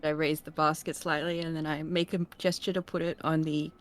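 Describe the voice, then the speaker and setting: A woman playing a tabletop game, speaking softly and tentatively. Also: sits low, level tone, fairly quick. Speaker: player.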